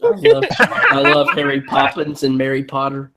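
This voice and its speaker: A man's voice: medium pitch, normal speed, a loud crowd. Mock-indignant swearing man, noisy. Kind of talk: rowdy group chat on a live stream.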